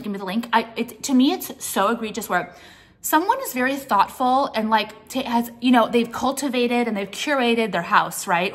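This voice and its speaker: A woman's voice: fairly high pitch, a bit bright. A young adult woman vlogging in a casual, blunt rant, opinionated and full of swearing and "like". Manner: blunt, profane, opinionated, heavy use of "like".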